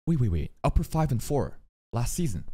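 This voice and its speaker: An excitable man reacting live to an anime episode, his voice swinging wildly up and down. He swears freely and stammers out repeated words whenever something surprises him. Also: mid-range voice, brisk, breathy edge.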